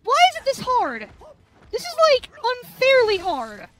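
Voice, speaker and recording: A woman's voice: very high-pitched, huge pitch swings, unhurried, over music. A woman gamer doing let's play commentary, furious and swearing constantly at the game.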